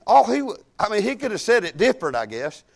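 Man, preacher, folksy storytelling sermon, conversational, voice a little high. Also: sing-song, quick pace, gravelly, darkish tone.

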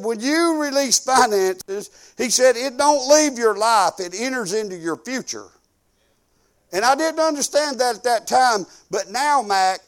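An older man preaches in a homely, conversational way. His voice sits high, and he pushes into loud, emphatic bursts as he drives each point home. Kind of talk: sermon.

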